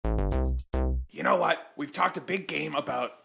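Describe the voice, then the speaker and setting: A man hosting an improvised comedy chat, talking in a deadpan, rambling way. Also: fairly high pitch, takes it slowly, vocal fry, music in the background. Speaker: host.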